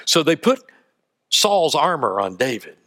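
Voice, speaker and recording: Lively, animated male preacher. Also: on the high side, measured pace. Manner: lively storytelling with acted-out voices and asides. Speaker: pastor. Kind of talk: sermon.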